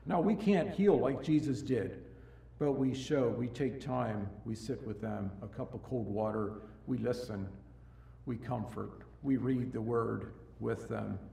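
In a sermon delivered at a measured pace, a male preacher's gravelly voice swings between forceful, rising emphasis and soft, low moments. He tends to repeat himself as he begins thoughts anew, and the far-off mic picks up the church's echoey space.

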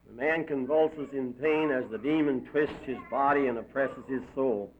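A man's voice: medium pitch, moderate pace, slight background noise. A man giving an emphatic, dramatic reading of a moral story. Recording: dull lo-fi recording.

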